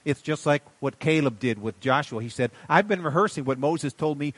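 A man preaching a sermon in a folksy way, swinging from quiet asides to loud emphatic bursts. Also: fairly high pitch, lively intonation, a little fast, few pauses, no room sound. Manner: folksy, calls listeners buddy and darling. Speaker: pastor.

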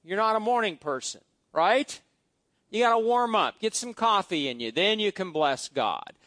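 A man's voice: high-pitched, animated, moderate pace, a bit bright, no room sound. A middle-aged man preaching a sermon as pastor, reading scripture aloud with exuberant emphasis and folksy asides.

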